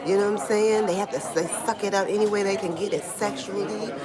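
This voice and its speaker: A woman giving casual live-stream commentary from home in Brazil, talking in a slangy, animated way and answering chat comments, with a small clip-on mic. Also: mid-range voice, fast talker, over a noisy crowd. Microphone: small clip-on microphone being tested. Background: Brazilian music playing.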